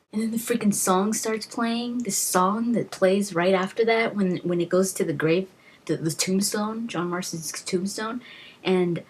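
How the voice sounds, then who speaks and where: A woman's voice: on the low side, husky. A woman hosting a gaming vlog, telling a story in a rambling, emotional way with many fillers and restarts. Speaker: gaming video host.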